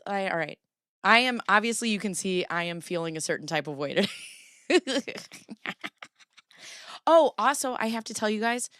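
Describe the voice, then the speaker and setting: A woman's voice: lowish voice, a bit bright, smooth, no room sound, clean studio sound. A woman hosting a casual livestream, rambling playfully and reacting to chat messages as she talks. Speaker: livestream host.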